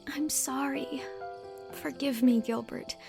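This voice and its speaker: A woman's voice: high-pitched, steady tone, slow pace, creaky, music in the background, voice pushed up, exaggerated voice. A woman reading the lines of an earnest, dreamy young student in an audiobook, her delivery emotional and often pleading. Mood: distressed.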